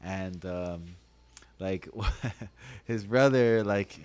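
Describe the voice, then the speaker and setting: Laid-back slangy man, lowish voice. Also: very slow, darkish tone, smooth. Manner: laid-back, slangy, peppers speech with "bro" and "dog"; laughs while telling stories. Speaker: comedian. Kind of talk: casual podcast storytelling.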